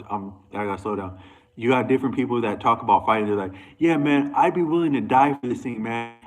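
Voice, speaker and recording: Guy with a lowish voice rambling on camera, lots of restarts and tangents. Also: poor audio. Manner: rambling, frequent restarts and asides. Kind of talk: casual monologue.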